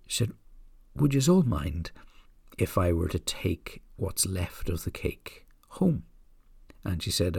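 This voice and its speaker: A man hosting a podcast, telling a story in a gentle, unhurried, reflective way. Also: low voice, gravelly, breathy edge, dry recording, studio quality. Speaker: podcast host.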